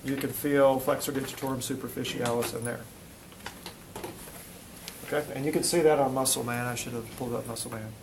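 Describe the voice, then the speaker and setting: A man's voice: mid-range voice, steady tone, brisk, long pauses, background noise. A male instructor teaching a classroom lesson, quizzing students as he demonstrates muscle testing on a volunteer. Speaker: physical therapy instructor.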